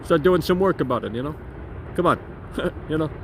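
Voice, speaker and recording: A man's voice: on the high side, lively intonation, a little fast, a little hiss or hum. A man hosting a casual livestream outdoors on a phone, ranting brashly, profanely and repetitively. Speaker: streamer and host.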